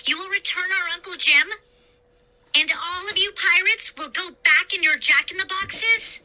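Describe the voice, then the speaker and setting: A woman's voice: measured pace, pushed and bright, full character voice. A woman playing an eager young boy. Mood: demanding. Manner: high, urgent outbursts.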